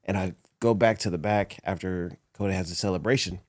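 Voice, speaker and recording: Man, low voice, wrestler guest, casual interview, animated storyteller, dry studio sound. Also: a little fast, dry recording. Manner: animated, laughs often, acts out quotes. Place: podcast studio. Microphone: studio microphone.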